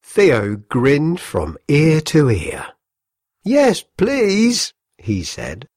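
Expressive, slow-reading man storyteller. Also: husky, dry recording, clean studio sound. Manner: gently amused, very expressive pitch.

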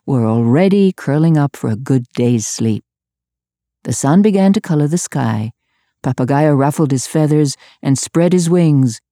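A woman reading a children's storybook aloud, expressive and measured. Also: sits low, dry recording, studio quality.

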